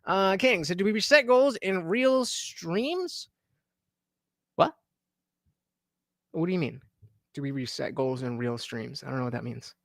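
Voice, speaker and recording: A man live streaming, chatting casually with his audience, hyped and shouty, profane, dropping to mumbled asides. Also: fairly high pitch, measured pace, vocal fry, pauses often, no echo, clean studio sound.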